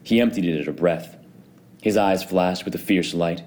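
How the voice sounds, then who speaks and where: Brief: deep-voiced male narrator for a gothic audiobook, mellow and measured. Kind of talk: dramatic audiobook reading.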